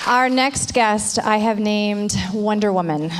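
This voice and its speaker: A woman's voice: medium pitch, slow pace, background noise. A woman hosting a church panel, introducing the next guest with upbeat admiration. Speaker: panel host. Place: church stage. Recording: reverberant church hall.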